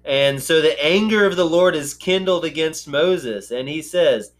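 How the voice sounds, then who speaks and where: Slow, musing male podcast host. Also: fairly high pitch, expressive. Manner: unhurried, thinking aloud with frequent fillers. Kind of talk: casual Bible discussion.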